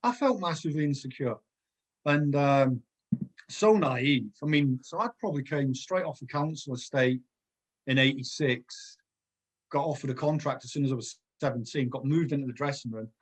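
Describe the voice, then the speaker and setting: A middle-aged man, a former footballer, casually telling animated anecdotes as a podcast guest and laughing often. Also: mid-range voice, normal speed. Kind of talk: casual storytelling.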